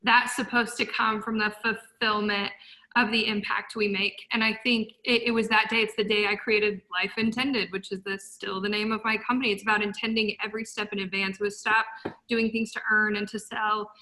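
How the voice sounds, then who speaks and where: A woman speaking as a guest, telling her story in a passionate, blunt motivational way and loudly quoting herself. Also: mid-range voice, little pitch movement, a little fast, low-quality recording. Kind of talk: emotional motivational talk.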